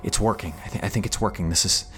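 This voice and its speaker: A man's voice: low-pitched, fairly even intonation, fast, sharp tone. A man voicing a nervous investigator who stammers and hurries his words. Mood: anxious.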